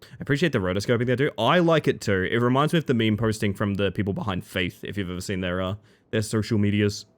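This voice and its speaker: He streams a card game with fairly low pitch and a quick pace, keeping up casual, animated talk with his chat. Every so often he erupts in jokey, mock-dramatic fashion.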